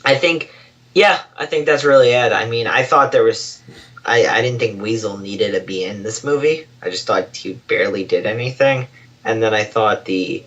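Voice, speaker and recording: A man's voice: lowish voice, moderate pace, a bit bright. Brief: man co-host, rambling, filler-heavy casual chat, dull lo-fi recording. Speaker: podcast co-host.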